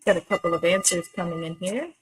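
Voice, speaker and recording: A woman hosting a casual live trivia stream. She chats with her viewers, reads out the options slowly and laughs often. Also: on the low side, slight background noise.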